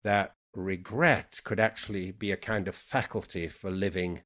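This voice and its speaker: A middle-aged man with a mixed Yorkshire, Irish and American accent, speaking in an unhurried, thoughtful way as a guest poet in a reflective conversation. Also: low voice, steady tone, a bit bright. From England, Yorkshire.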